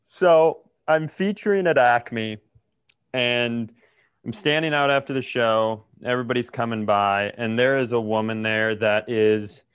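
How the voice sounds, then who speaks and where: A man's voice: medium pitch, measured pace, smooth, no room sound. Comedian guy spinning a yarn on a podcast, swears a lot, dry close mic. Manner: animated storyteller, swears freely. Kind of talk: casual storytelling chat.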